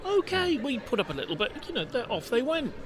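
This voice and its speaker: A man's voice: very high-pitched, huge pitch swings, a little fast. A man hosting a podcast panel, playful and wordy, joking in casual chat. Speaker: podcast host. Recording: crowd noise behind.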